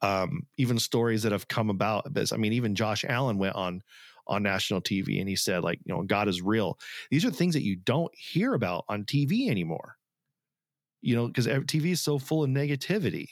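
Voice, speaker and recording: Low-voiced guy rambling on a podcast, earnest, lots of ums, dry close sound. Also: lively intonation, fairly quick, no echo. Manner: rambling, earnest, many fillers and restarts. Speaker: podcast co-host. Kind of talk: casual chat.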